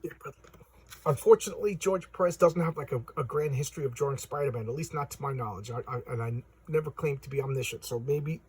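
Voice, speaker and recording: A man's voice: mid-range voice, quick pace, a little mellow, slightly rough. A man chatting casually as a comic book reviewer, rambling with lots of fillers and restarts. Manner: rambling, filler-heavy, enthusiastic. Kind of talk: casual chat. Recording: distant mic.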